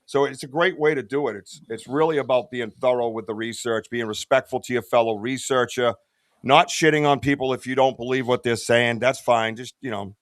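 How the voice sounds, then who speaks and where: A man's voice: mid-range voice, steady tone, fairly quick, no echo, clean studio sound. A middle-aged man in a casual podcast chat, rambling and earnest, tossing in bro and dude. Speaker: podcast guest, Bigfoot researcher.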